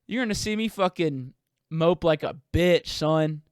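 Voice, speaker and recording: A man's voice: on the high side, measured pace, clear, resonant tone, no echo, studio quality. A young man hosting a podcast, talking in a profane, rambling, self-deprecating way. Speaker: podcast host. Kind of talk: casual comedic monologue.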